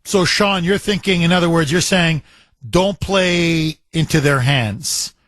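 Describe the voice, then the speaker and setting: Man, radio host, studio mic, slightly high voice, dry sound, chatty, repeats himself. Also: unhurried, fairly bright tone, no room sound. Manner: chatty, repeats phrases for emphasis. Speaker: radio talk show host. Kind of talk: talk radio call-in show.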